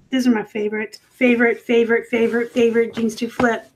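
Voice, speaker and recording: A woman's voice: fairly high pitch, flat delivery, fast, hardly any pauses, darkish tone, slight background noise, low-quality recording. A woman hosting a casual live stream from a room at home, chatty and rambling, with frequent fillers and self-corrections. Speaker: host of a live reselling show. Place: home room set up for work.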